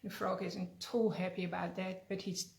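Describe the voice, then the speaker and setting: A woman's voice: fairly low pitch, level tone, normal speed, vocal fry, a little mellow. A woman energy healer giving a conversational teaching talk, earnest and often checking in with "right?". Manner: earnest, conversational, frequent tag questions. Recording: echoey room.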